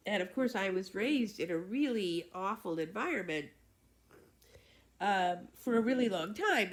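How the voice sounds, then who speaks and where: Woman vlog host, unhurried casual storyteller, halting delivery, slightly high pitch. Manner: halting, with many fillers and restarts.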